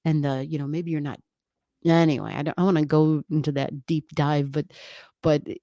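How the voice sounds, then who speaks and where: A woman's voice: low-pitched, steady tone, moderate pace, warm tone, no room sound, lo-fi sound. A woman hosting a casual livestream from home, rambling with many restarts and reading viewer comments aloud. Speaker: livestream host. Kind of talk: casual live-stream chat. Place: home room.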